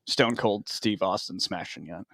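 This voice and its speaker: A man's voice: deep voice, unhurried, fairly bright tone, no echo. A man from Northern Illinois, in his thirties, co-hosting a podcast with casual, profane, self-mocking jokes. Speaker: podcast co-host.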